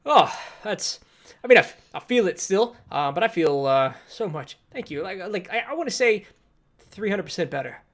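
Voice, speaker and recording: A man's voice: high-pitched, big pitch swings, moderate pace, a bit bright, voice pushed up. A man voicing a boisterous male Oni who loves coffee. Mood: relieved.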